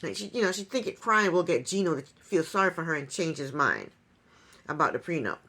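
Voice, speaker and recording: A woman's voice: low-pitched, very animated, a little fast, bright, forceful tone. A woman giving a casual reality TV recap in an opinionated, sarcastic way, with chuckling asides.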